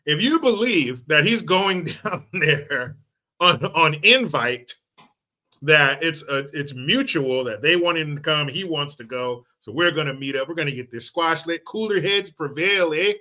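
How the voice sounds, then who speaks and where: A man hosting a political commentary video, ranting in a mocking, profane and animated way. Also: on the high side, unhurried. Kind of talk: comic political rant vlog.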